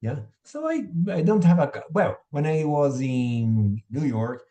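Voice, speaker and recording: A man learning English, who speaks haltingly with many restarts and "uh" over a video call mic. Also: a little high, expressive, dark tone, far from the mic. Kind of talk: casual online group chat.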